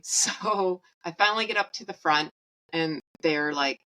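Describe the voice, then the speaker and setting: Woman, thirties, podcast host, lowish voice, crisp and bright, blunt and profane. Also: measured pace, rough recording. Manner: blunt, profane, laughs at her own jokes. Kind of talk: casual storytelling monologue.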